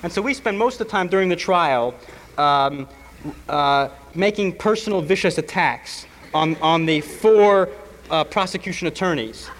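A man who is on trial tells a university audience a mocking, animated story, full of fillers and impersonations. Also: on the high side, normal speed, long reverb tail, a little hiss or hum, low-quality recording. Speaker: trial defendant addressing students. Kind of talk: animated public speech.

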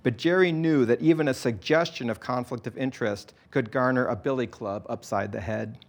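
Brief: male narrator, mid-pitched, steady storytelling. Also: fairly quick. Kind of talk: scripted narration.

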